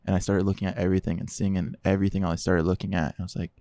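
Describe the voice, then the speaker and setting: A man speaking as a podcast guest, telling his testimony in a casual, animated way and quoting others in dialogue. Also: deep voice, racing, dry recording.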